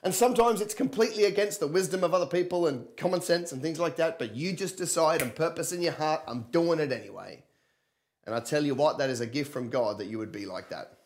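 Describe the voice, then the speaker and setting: A man, giving an energetic livestream sermon and calling on viewers to respond. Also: a little high, quick pace. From London and Australia. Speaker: preacher and business coach.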